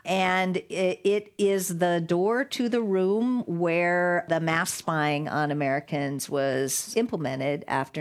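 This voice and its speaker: A middle-aged woman, a guest in an interview, telling stories in a lively way and acting out the voices of the people she quotes. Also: low-pitched. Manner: animated storyteller, acts out quoted voices. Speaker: guest, digital rights lawyer. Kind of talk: conversational interview storytelling.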